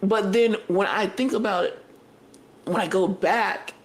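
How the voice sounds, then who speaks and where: A young woman co-hosting a podcast, recapping a reality show in casual chat, animated and profane, telling the story in bursts. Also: mid-range voice, measured pace, a little hiss or hum, poor audio. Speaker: podcast co-host.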